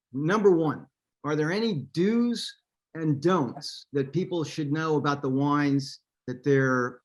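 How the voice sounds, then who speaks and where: A man hosts a casual wine tasting over a video call, a touch high in pitch. He talks in an upbeat, chatty way with plenty of ums along the way. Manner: upbeat, lots of fillers. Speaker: host of a virtual wine tasting. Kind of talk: casual hosting.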